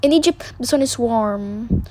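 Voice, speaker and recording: A woman's voice: a little high, measured pace, darkish tone. A woman reading the lines of a small, kind-hearted male swallow in a fairy tale, earnestly and with stumbles.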